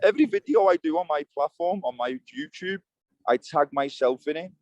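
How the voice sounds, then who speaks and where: A young man, an interview guest, rants bluntly and swears freely while fishing outdoors by the water. His voice sits on the high side with lively intonation and a slightly fast pace, and the recording is dry and muffled.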